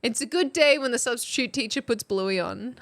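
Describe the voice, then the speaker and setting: A woman's voice: fairly high pitch, moderate pace, fairly bright tone. An Australian woman chatting casually on a live stream, quizzing her chat like a teacher. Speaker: substitute streamer.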